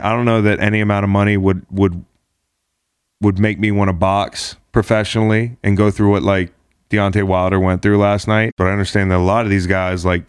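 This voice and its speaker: Rambling, animated lower-voiced man, dry sound. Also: clear, resonant tone, dry recording. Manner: rambling and animated, heavy on "like", swears casually. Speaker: podcast host. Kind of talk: casual sports chat.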